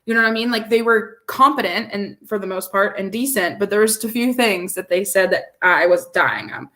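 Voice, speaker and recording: A woman in casual sports-podcast chat, animated and sarcastic, often laughing as she reacts. Her voice sits in an ordinary middle range. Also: medium pitch, a little fast. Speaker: podcast co-host.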